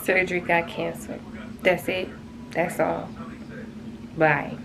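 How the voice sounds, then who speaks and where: Low-voiced woman chatting to her camera. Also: flat delivery, slow, creaky, long pauses, fairly bright tone, slight background noise. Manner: chatty, talks straight to viewers. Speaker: vlogger and mother. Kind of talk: casual vlog update to camera.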